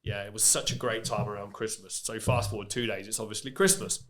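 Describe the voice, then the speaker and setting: A man's voice: on the low side, fast talker. Candid man telling stories. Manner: candid, lively anecdotes with frequent fillers like "you know" and "yeah". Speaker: podcast guest, construction business owner. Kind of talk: casual podcast interview storytelling.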